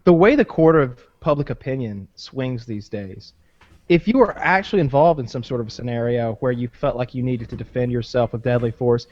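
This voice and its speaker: A man's voice: mid-range voice, normal speed, a little mellow. Rambling, profane male podcast host. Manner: rambling, profane, full of "like" fillers. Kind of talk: casual podcast chat. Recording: dull dry lo-fi podcast audio.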